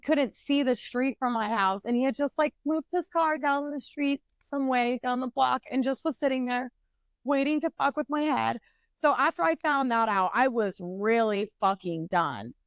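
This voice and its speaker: High-voiced, foul-mouthed woman storyteller. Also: smooth, no room sound. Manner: blunt, swears constantly, animated. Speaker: podcast co-host. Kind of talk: casual podcast storytelling.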